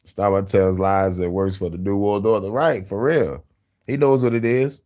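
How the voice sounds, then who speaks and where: A male host rants in a profane, casual commentary style, animated and cursing and often laughing as he talks. His voice is on the low side, at a normal speed.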